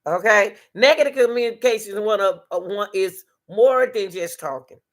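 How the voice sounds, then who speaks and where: A woman's voice: mid-range voice, moderate pace. A woman hosting a casual advice talk on relationships, emphatic and repetitive, speaking straight to her listeners.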